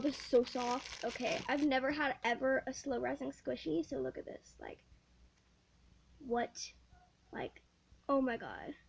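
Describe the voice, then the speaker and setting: A teenage girl unboxing a package for her vlog, excitable and giggly, gushing over each item in casual chat. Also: sits high, gravelly, breathy edge, poor audio. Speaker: vlogger.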